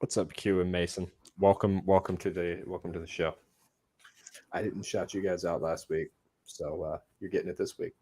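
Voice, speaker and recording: A man's voice: low voice, flat delivery, normal speed, dark tone, husky. A man hosting a casual film watch-along, joking wryly and laughing often. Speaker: host.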